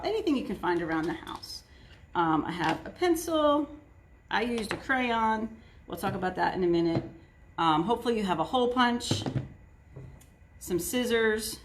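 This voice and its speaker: A woman's voice: medium pitch, slight background noise. A woman children's librarian leading an online story time and craft, chatting directly to kids from a table in front of her camera. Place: indoors at a table. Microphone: camera set on the table.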